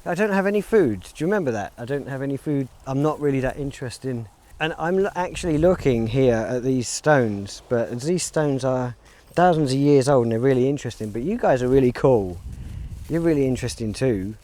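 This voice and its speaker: A man's voice: mid-range voice, lively intonation, brisk, warm tone. A man, chatting casually in a walking vlog in an outdoor field and talking playfully to the cows around him. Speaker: vlogger. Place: outdoor field beside a stone circle. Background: faint outdoor ambience with cows.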